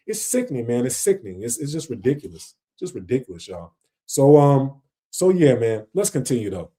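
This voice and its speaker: A man hosting a livestream, reacting to videos in slangy, animated casual talk that slides into rants. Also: mid-range voice, fairly quick.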